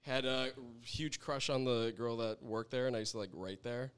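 A man's voice: mid-range voice, normal speed, clean tone. A young adult man, a chef guest, telling a rambling story in a casual interview, laughing often and swearing freely.

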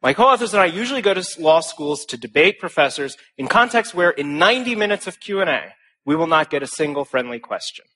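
A young man speaks at a conference in a bright, forceful voice that sits a little high. He tells stories to the audience in an animated way and often pokes fun at himself. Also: brisk. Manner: animated, self-deprecating storytelling. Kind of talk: speech to a live audience.

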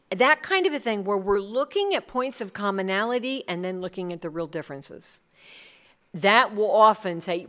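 A woman's voice: medium pitch, lively intonation, moderate pace, a bit bright. A middle-aged woman speaking earnestly to a group about leading Bible studies, acting out the people she quotes. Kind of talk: talk with audience questions.

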